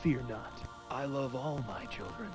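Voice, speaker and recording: A man's voice: medium pitch, animated, a little slow, over loud music, close to an everyday voice. A man voicing a solemn divine savior figure in a cartoon, speaking in archaic pronouncements. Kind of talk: cartoon voice acting.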